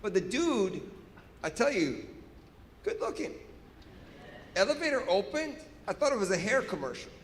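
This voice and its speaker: A man doing stand-up, telling a story in an animated, profane way and acting out scenes on stage. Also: high voice, moderate pace, pauses often, a little hiss or hum. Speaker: stand-up comedian. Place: stage in a large hall. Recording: echoey hall with reverb.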